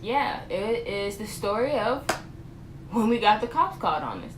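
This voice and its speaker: A woman's voice: medium pitch, very animated, moderate pace, background noise. A young woman, a vlog co-host, rambling casually through a storytime with lots of restarts. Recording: roomy echo.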